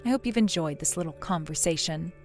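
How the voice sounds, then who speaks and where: A woman voicing a cool, sarcastic young wife in a scripted text-message drama, mocking quietly. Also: deep voice, animated, brisk, faint music behind.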